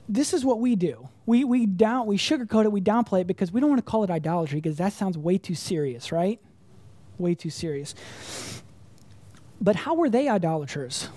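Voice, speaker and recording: A woman preaching a sermon in a mellow, warm tone. She speaks conversationally, leaning on rhetorical questions and emphatic repetition. The sound is dry and close. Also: lowish voice, expressive, fairly quick, no room sound. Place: church congregation room.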